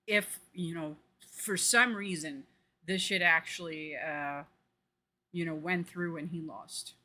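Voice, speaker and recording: A woman streamer reacting live, ranting bluntly and profanely with lots of fillers. Her voice is bright and forceful. She pushes her points with emphatic outrage. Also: low voice, slow.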